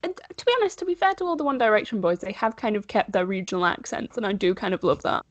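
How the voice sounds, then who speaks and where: A woman's voice: medium pitch, no echo, muffled recording. Chatty young woman. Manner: chatty, animated, quick to laugh. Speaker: podcast co-host. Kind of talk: casual chat. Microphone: video call. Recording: dry close sound over a call.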